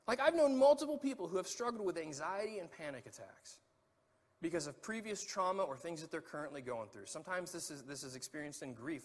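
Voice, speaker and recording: Lively, husky-voiced male preacher in a hall. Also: sits high. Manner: lively preaching with asides to the congregation. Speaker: pastor. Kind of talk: sermon. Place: church sanctuary. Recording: echoey hall.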